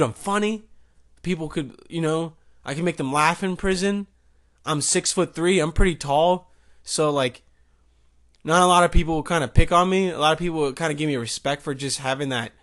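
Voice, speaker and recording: A man's voice: a little high, moderate pace, a bit bright. A man hosting a podcast, rambling through a crude comic monologue. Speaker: podcast host. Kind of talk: comedic solo monologue.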